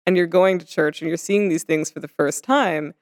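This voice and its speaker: A woman's voice: on the low side, normal speed, no echo, studio quality. A woman hosting an interview, reflective in her questions and laughing lightly between them. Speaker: interviewer and host. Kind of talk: thoughtful interview conversation.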